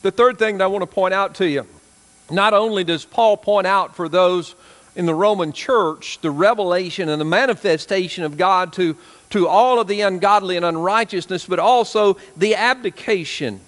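A man from South Arkansas with a Southern drawl, a pastor preaching a sermon, rising to emphatic peaks and dropping to hushed, slow lines. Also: high voice, big-room sound. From South Arkansas, USA.

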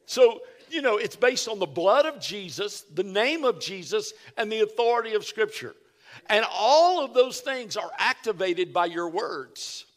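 A man's voice: high-pitched, very animated, a little slow. A man with a Texan accent preaching a sermon as pastor, emphatic and calling out to the congregation.

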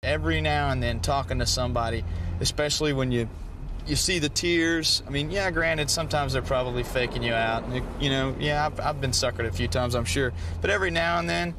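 A male police officer giving calm, firm, repeated commands and explaining a street stop. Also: mid-range voice, fairly quick. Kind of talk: on-duty commands and commentary. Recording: outdoor street noise.

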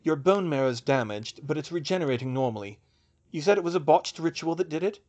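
A matter-of-fact male healer, voiced by a male reader close to his own natural voice, in a storybook reading. He talks plainly and clinically, with an animated lilt. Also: fairly high pitch, brisk, voice pushed up, natural voice.

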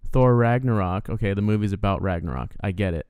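A man co-hosting a film podcast, speaking casually in a smooth, clear voice set a little low. He rambles and sounds firmly opinionated. The dry, close sound has no room echo. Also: fairly quick, darkish tone. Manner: opinionated, rambling, with frequent fillers. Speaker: podcast co-host. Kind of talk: casual film review chat.

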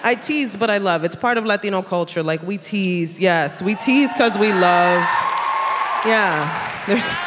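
A woman's voice: medium pitch, noisy background. A woman, doing a teasing, brash stand-up comedy set. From South Bronx, New York. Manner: brash, teasing, puts on characters' voices. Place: large theater stage with cheering audience. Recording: live stage sound in a big hall with a loud crowd.

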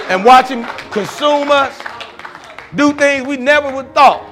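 High-pitched, fervent preaching man. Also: a little slow, a faint crowd. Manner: repetitive call-and-response preaching, rising to shouts. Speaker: preacher giving testimony. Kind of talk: fervent sermon testimony. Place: church service with congregation.

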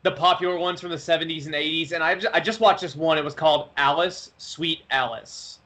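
A man chatting on a podcast, telling stories in an animated way and often repeating words as he starts a sentence. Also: a little high, a little fast. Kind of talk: casual chat.

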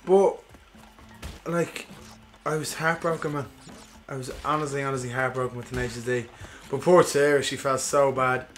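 Man, casual gaming chat, swears a lot, animated storyteller. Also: mid-range voice, moderate pace, soft background music. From Ireland. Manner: swears freely, animated storytelling with acted-out quotes. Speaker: gaming podcast co-host. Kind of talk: casual chat while playing a game.

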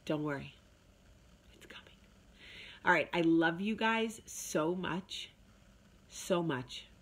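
A woman speaks straight to her viewers in a casual, motivational talk. Her voice sits a little low, and her delivery is chatty and emphatic. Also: lively intonation, slow pace. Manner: chatty, emphatic, with sung asides. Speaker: vlog host.

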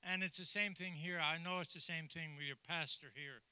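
A man's voice: fairly high pitch, steady tone, fairly quick, sharp tone, clean tone, dry recording. A man from Canada, a pastor speaking to a church congregation in a jokey, earnest, encouraging way. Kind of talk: informal church talk.

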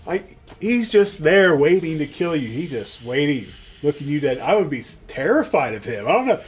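Easygoing man with a lively voice. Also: on the high side, normal speed, slightly rough. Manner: easygoing and often laughing. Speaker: podcast co-host. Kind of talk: casual chat.

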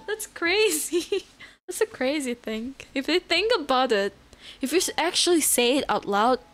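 A woman live streamer in casual chat with her viewers. She is relaxed and chatty, laughs often and answers chat messages. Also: high voice, moderate pace.

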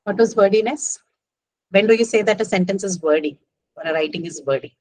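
A woman's voice: medium pitch, brisk, darkish tone, no room sound, poor audio. Woman, Indian English accent, writing teacher, patient explainer, dry close sound. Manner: explains patiently, with frequent "right?" and "okay?" checks. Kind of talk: online lecture.

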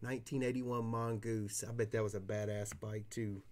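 A man's voice: fairly low pitch, level tone, moderate pace. A man hosting a card-opening livestream, chatting casually in a profane, boisterous way. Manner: profane, boisterous, whoops loudly at big pulls. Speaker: card-breaking livestream host. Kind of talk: casual chat while opening trading cards.

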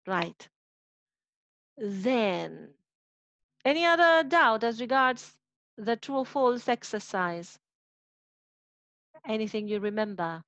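A woman's voice: a little high, expressive, takes it slowly, long pauses, fairly bright tone, no room sound, rough recording. A woman with an Argentine Spanish accent, a native Spanish speaker, giving a patient online phonetics lecture and often checking in with her students. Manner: patient, explanatory, checks understanding with "right?".

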